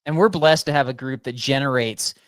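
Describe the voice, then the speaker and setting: A man's voice: mid-range voice, a little fast, no room sound, studio quality. A man co-hosting a casual backpacking chat, steering the topics and reading out segments. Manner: steers the talk, reads out segments. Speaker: podcast co-host.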